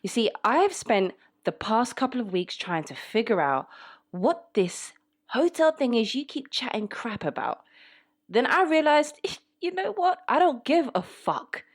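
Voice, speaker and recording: A woman's voice: on the high side, sing-song, a little slow, voice pushed up, heavily acted. A podcast co-host playing a scornful woman who dumps her boyfriend, sarcastic and mocking.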